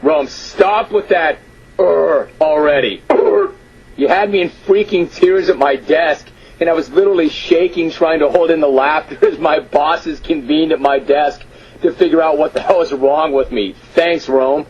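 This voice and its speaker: A man's voice: on the high side, a little mellow, highs cut off. Man hosting a radio sports talk show. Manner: amused, incredulous, drawn-out emphasis. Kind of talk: radio talk show, reading listener emails. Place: radio studio.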